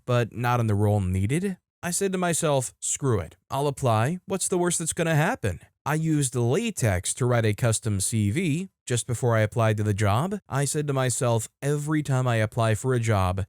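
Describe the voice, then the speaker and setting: A man hosting a story channel, reading posts aloud in a lively, playful way and voicing the quotes. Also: mid-range voice, no echo, studio quality. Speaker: host and narrator. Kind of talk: reading online stories aloud.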